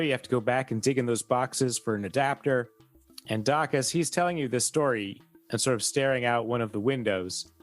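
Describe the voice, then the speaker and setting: A man acting as game master, narrating a tabletop game in a relaxed, descriptive way. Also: medium pitch. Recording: faint music behind.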